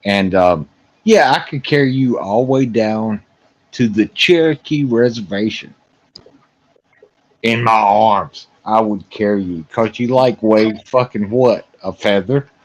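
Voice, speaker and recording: A man's voice: lowish voice, unhurried, low-quality recording. A man in casual stream chat who laughs often and swears freely.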